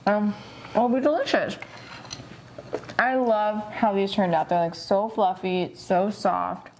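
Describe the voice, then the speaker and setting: A woman's voice: mid-range voice, takes it slowly, darkish tone, slight background noise. A woman hosting a cooking vlog, chatting upbeat and casual as she walks through a recipe in a home kitchen. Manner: upbeat, chatty, says "super" and "so good" a lot.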